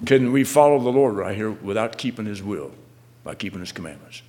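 Guy preaching a sermon, voice jumps all over, loud questions then hushed asides, keeps repeating words. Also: fairly low pitch, lively intonation, fairly quick, in a large hall. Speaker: minister.

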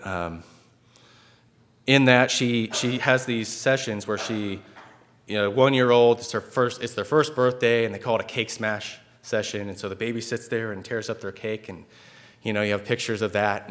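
A man's voice: fairly low pitch, fairly bright tone. A man sharing a personal testimony at church in an earnest, conversational way, with many fillers and restarts.

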